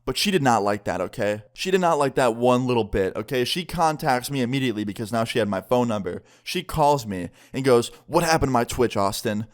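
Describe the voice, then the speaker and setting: A man's voice: mid-range voice, lively intonation, brisk, hardly any pauses. A young man casually telling a storytime tale to the camera, chatty and often ending lines with "okay?". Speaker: YouTuber. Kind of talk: storytime narration.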